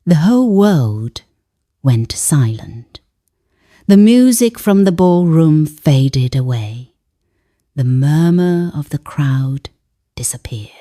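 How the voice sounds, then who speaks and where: A woman's voice: deep voice, warm tone, no room sound, clean studio sound. A woman telling a moral story in first-person scripted narration, dramatic and often dropping to a whisper.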